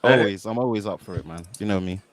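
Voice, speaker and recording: A man's voice: fairly low pitch, fast. A man joining a livestream as a guest debater, hyped and teasing his friends. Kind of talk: casual livestream chat. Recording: loud crowd noise behind.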